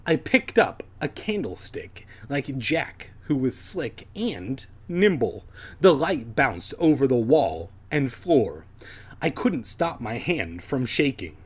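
A man's voice: mid-range voice, big pitch swings, slow, husky. A man reading a children's horror book aloud for comedy, with irreverent, swearing asides. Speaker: reader.

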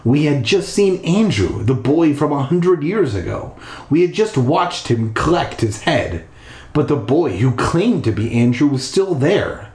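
A man reads a spooky children's book aloud from his bathtub, tossing in crude, irreverent asides. He reads slowly, with a voice that rises and falls widely. The bathroom walls give it a strong echo. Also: a little high, sing-song, a little mellow. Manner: irreverent, swearing ad-libs. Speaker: reader. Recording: echoey bathroom.

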